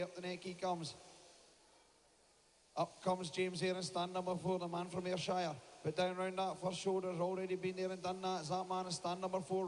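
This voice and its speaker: High-voiced man calling shearing. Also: long reverb tail, slight background noise. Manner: rapid play-by-play, urging the crowd to cheer. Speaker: shearing commentator. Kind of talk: live sports commentary.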